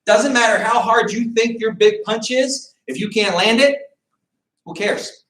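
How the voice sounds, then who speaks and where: A high-pitched man at a measured pace, his tone a bit bright, coaches a beginner boxing class on a video call as a martial arts instructor, giving counts and commands. A little hiss or hum runs under the audio, which comes from an echoey room with a far-off mic.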